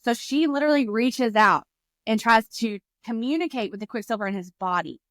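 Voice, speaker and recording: A woman co-host in a casual book podcast speaks in a fairly high voice. She retells scenes with animation and slips into quoting the characters. The sound is dry and close. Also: lively intonation, a little fast, a bit bright, no echo.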